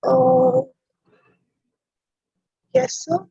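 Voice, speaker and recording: A woman with a very high, gravelly voice answers exam questions over a dull, dry video call. She sounds hesitant and unsure of her answers. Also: lively intonation, drawn-out words, mellow, no room sound. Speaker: student.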